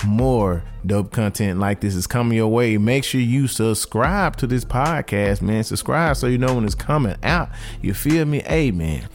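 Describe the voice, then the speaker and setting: Male reaction host, lively pitch swings, casual slangy delivery, faint music underneath. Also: normal speed. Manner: animated, slangy, talks straight to his audience.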